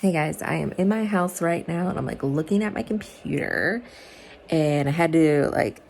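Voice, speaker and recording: A woman's voice: sits low, normal speed, vocal fry, noisy background. A woman vlogger chatting casually to her phone camera from her car and her home, with lots of "like" fillers. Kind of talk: casual vlog chat.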